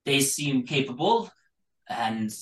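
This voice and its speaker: Guy playing a jittery soldier, formal, hesitant, slow, echoey far mic. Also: mid-range voice, animated, fairly bright tone, voice pushed up. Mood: nervous. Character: nervous male soldier, dutiful and careful. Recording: roomy, from a distant mic.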